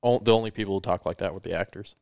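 A man with a low, smooth and resonant voice, chatting casually and explaining at an easy pace. The sound is dry and close to the mic. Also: racing, darkish tone, no echo. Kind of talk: casual chat.

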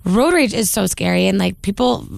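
A woman co-hosting a podcast, retelling a story in a lively, stammering way on a close mic. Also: mid-range voice, moderate pace, creaky, no room sound. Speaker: podcast co-host. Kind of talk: casual storytelling chat.

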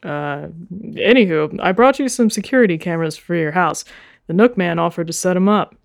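A woman's voice: lowish voice, a little fast, vocal fry, no echo, clean studio sound. A woman doing a laid-back wolf buddy. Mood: easygoing.

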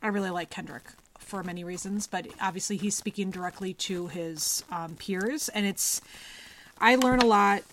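A young woman teacher co-hosting a casual podcast, talkative and animated, laughing often. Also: medium pitch, moderate pace, slight background noise, rough recording. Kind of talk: casual chat.

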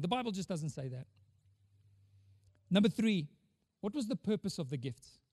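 A man's voice: sits high, dry recording, clean studio sound, in a large hall. A man preaching a sermon as pastor, emphatic, asking rhetorical questions and often repeating words.

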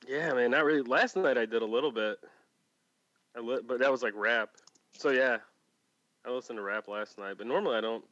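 A man's voice: mid-range voice, fairly quick, pauses often, no room sound, highs cut off. A man hosting a podcast in casual chat from Illinois, rambling and correcting himself as he goes. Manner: relaxed, rambling, self-correcting. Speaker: podcast host.

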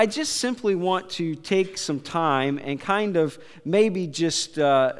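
A man preaching a sermon as pastor, in a relaxed, halting delivery full of fillers and restarts. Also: a little high, clear, resonant tone. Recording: long hall reverb.

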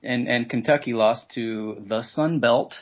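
A man co-hosting a sports podcast, dropping quick wisecracks and comic asides in casual chat. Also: mid-range voice. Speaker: podcast co-host. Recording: dull lo-fi podcast audio.

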